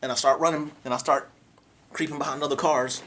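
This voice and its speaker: A young man telling a comic story in an animated, profane way, acting out voices. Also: on the high side, fairly quick.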